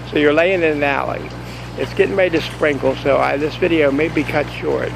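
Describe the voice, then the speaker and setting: A man with a raised, gravelly voice rambles and jokes as he tells a story, chatting casually to his viewers. He records himself from a parking lot and then his parked car, with faint outdoor noise behind him. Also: on the high side, steady tone, moderate pace. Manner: rambling, jokey, digressive. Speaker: vlogger.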